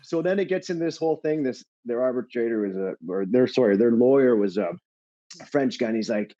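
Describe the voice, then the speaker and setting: Middle-aged guy telling a story on a podcast, laughs a lot, warm relaxed voice, kinda muffled audio. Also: medium pitch, a little fast. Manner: animated anecdote-telling, laughs often, swears. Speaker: former pro hockey player, podcast guest. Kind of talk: casual chat, storytelling. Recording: slightly dull lo-fi audio.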